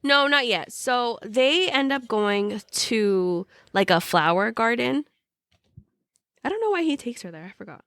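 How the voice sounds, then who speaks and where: Woman co-host, animated book chat, higher voice, dry close mic. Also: a little slow, no room sound. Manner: animated, retells scenes with quoted dialogue, laughs often. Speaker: podcast co-host.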